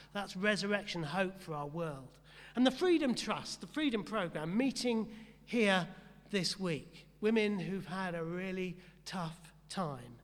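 A man's voice: sits high, fairly bright tone, big-room sound. A man preaching a sermon with rhetorical questions and repeated emphatic phrases, speaking. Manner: rhetorical, repetitive emphasis, asks the congregation questions. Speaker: pastor.

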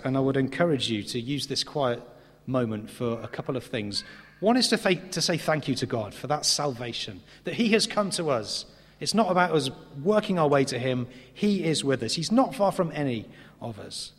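A man preaching a sermon in a church, earnest and emphatic, with slow pauses for stress. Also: mid-range voice, animated. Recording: reverberant hall.

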